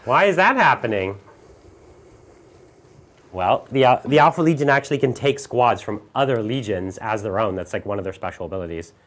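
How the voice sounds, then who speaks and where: A man's voice: lowish voice, brisk. A man explaining game rules and the tabletop to viewers in a casual live stream. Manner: animated, walks viewers through rules. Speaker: player and commentator.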